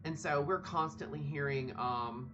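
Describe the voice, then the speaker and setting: A man's voice: a little high, a little slow, muffled recording, background noise. A man talking in a rambling, hesitant way with fillers, heard over remote audio. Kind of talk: casual chat.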